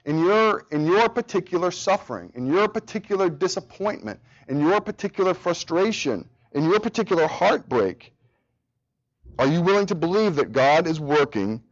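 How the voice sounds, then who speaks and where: Earnest higher-voiced man leading Bible study. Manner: earnest, repeats phrases for emphasis. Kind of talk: teaching a church study group. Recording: dull lo-fi recording.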